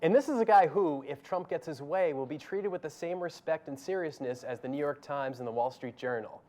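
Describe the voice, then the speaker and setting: A man with a somewhat high voice hosts a comedy show. He reads his scripted commentary with dry, sarcastic asides. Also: brisk, dark tone. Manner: dry, sardonic delivery.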